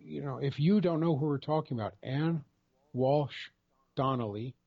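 A man's voice: mid-range voice, moderate pace, vocal fry, muffled recording. A man co-hosting a casual podcast, speaking in an emphatic, rambling way with many repeated words. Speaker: podcast co-host.

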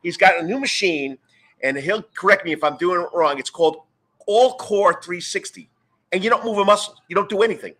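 A man with a New York accent hosting a live sports radio show, talking loud and upbeat, rambling with plenty of fillers. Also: high voice, fairly quick.

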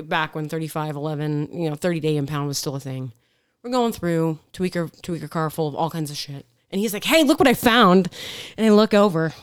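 A woman police officer telling stories in casual podcast chat, animated, acting out quotes and swearing freely. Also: on the low side, clear, resonant tone, no echo, clean studio sound.

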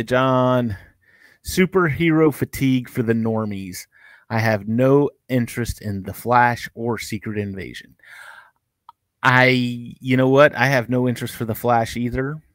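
Casual male co-host, mid-pitched, rambling chat, close dry sound. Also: dry recording. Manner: chatty, rambling, restarts phrases. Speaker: podcast co-host.

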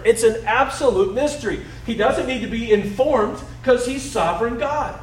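High-voiced male preacher in an echoey hall. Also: moderate pace, hardly any pauses, far from the mic. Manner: conversational preaching, swings from loud emphasis to soft, hushed asides. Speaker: pastor. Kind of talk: sermon.

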